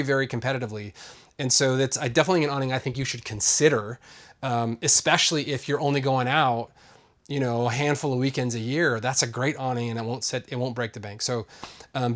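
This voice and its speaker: A man hosting a vlog, giving a casual and rambling product review full of fillers. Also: mid-range voice. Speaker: host.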